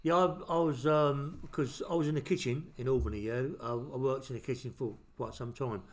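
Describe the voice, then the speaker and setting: A man's voice: mid-range voice, steady tone, a little fast. A middle-aged man, a podcast host telling a blunt, swear-filled story in casual chat.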